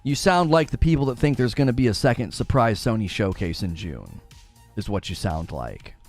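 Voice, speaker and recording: A man's voice: on the low side, lively intonation, moderate pace, darkish tone, faint music behind. A man ranting sarcastically in a video commentary about a game, exasperated and mocking. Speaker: gaming commentator.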